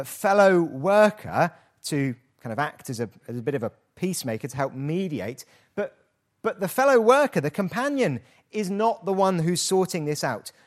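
A British man preaching a sermon, with rhetorical questions and playful asides. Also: fairly high pitch. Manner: lively, rhetorical questions, mock-hesitant asides.

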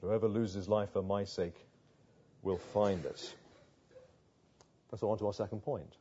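Brief: male preacher, dark husky voice, earnest sermon delivery. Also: lowish voice, fairly even intonation, measured pace. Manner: earnest, rhetorical questions, builds to emphatic passages. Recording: muffled lo-fi sound.

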